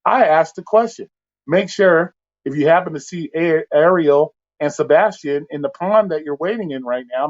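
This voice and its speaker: On a casual livestream, the host vents his exasperation in blunt terms laced with heavy profanity. His voice is high and a little mellow, and the audio sounds muffled.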